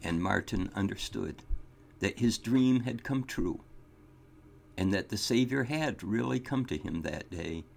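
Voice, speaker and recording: A man reading a story aloud, his narration calm, measured and earnest. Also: fairly low pitch, creaky.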